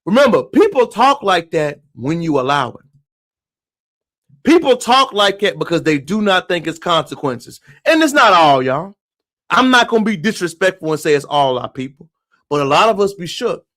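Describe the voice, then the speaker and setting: A man's voice: high voice, very animated, moderate pace, fairly bright tone. A man giving impassioned live-stream commentary, emphatic and preachy, who keeps calling his viewers y'all. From moved to Texas from elsewhere.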